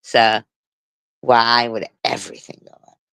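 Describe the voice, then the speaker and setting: A woman's voice: very deep voice, monotone, a little slow, fairly bright tone, clean tone, dry recording. A woman in her forties telling stories on a casual livestream, blunt and swearing freely. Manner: blunt, heavy swearing, storytelling. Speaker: livestream host.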